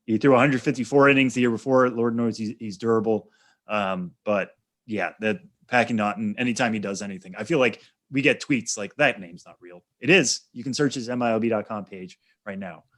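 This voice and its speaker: Guy cohosting a podcast, kinda low voice, explains things steady, says uh a lot. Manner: measured, explanatory with many fillers. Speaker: podcast co-host. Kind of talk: casual podcast chat.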